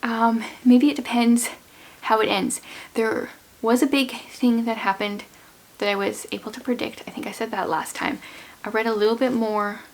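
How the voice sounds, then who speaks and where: A woman with a fairly high voice and a gravelly, fry-edged texture talks through her current reads. She is hoarse from losing her voice and keeps a chatty, rambling, offhand tone throughout her casual book vlog. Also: fairly even intonation, normal speed. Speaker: book vlogger.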